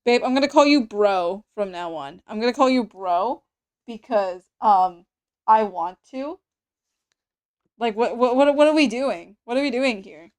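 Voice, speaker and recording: A woman's voice: a little high, expressive, measured pace, darkish tone. A woman streamer chatting casually while reacting to a video, rambling and restarting her sentences. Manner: rambling, hesitant, with frequent restarts.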